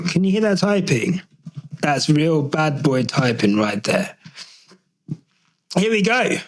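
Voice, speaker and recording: Animated young man ranting on a podcast. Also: a little high, takes it slowly, long pauses, poor audio. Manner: animated, swearing, slangy and excitable. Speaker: podcast host. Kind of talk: solo podcast rant.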